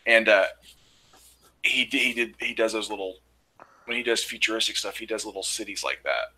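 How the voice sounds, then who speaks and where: An easygoing man with a bright, forward voice chats casually on a livestream. He is a comic artist and colorist, and he agrees readily and talks shop about drawing. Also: fairly low pitch, husky, poor audio. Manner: easygoing, quick agreeing replies.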